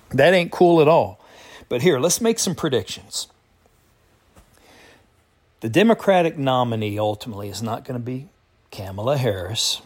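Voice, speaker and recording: A man talking straight to his viewers in a folksy, slangy way, giving his opinions. His voice sits at an ordinary middle pitch. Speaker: political commentary vlogger. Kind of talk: casual monologue to viewers.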